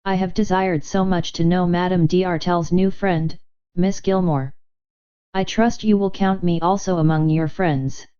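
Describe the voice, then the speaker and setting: A woman voicing a charming, ingratiating male nobleman with a caressing, flattering way of speaking, in an audiobook. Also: on the low side, measured pace, smooth, dull audio, natural voice.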